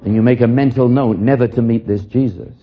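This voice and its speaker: A man's voice: medium pitch, fairly even intonation, fairly quick, lo-fi sound, a little hiss or hum. An older man from England preaching a sermon, earnest and reflective, often repeating a word as he starts a line.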